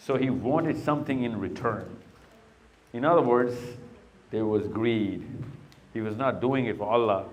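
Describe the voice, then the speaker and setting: A man's voice: medium pitch, a little slow, long pauses. A middle-aged man speaking to young people in a live talk, quizzing them patiently and then telling a long story. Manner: questioning, coaxing and storytelling.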